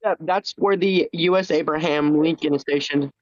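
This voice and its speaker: A man's voice: a little high, steady tone, moderate pace, no echo, highs cut off. A man teasing the host over a voice call, chatting casually.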